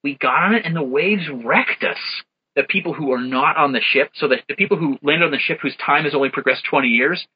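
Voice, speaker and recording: A man's voice: on the high side, a little fast, a little hiss or hum. A man brainstorming names in a casual chat, thinking aloud and reading out definitions. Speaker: worldbuilding co-creator. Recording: dull lo-fi sound.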